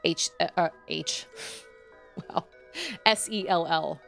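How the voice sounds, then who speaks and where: A woman's voice: on the low side, slow pace, gravelly, a bit bright, faint music behind. A woman chatting casually while playing a video game, rambling off on tangents and giggling often. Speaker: gaming streamer. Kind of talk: casual let's-play commentary.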